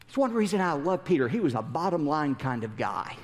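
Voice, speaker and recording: A male preacher with a fairly high, very animated voice that swoops up and down as he tells stories and asks rhetorical questions. A long hall reverb trails after his words. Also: a little fast, hardly any pauses. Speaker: pastor. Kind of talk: sermon.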